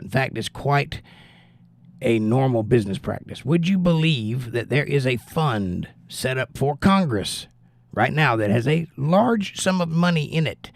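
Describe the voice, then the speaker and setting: A man's voice: mid-range voice, gravelly, dry recording, clean studio sound. A man hosting a live stream, giving blunt, opinionated political commentary in a casual chat style and answering viewers. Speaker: livestream host reading chat.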